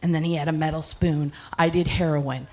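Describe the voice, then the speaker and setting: A woman doing a stand-up comedy set on a club stage, telling an animated story and acting out other people's voices. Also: sits low, brisk. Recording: noisy live recording.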